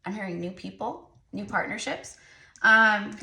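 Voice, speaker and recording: A woman's voice: mid-range voice, unhurried, vocal fry, bright, forceful tone. Earnest woman tarot reader, echoey room. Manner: earnest, repetitive, encouraging, chatty. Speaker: tarot reader and psychic medium. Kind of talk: spiritual tarot reading to camera.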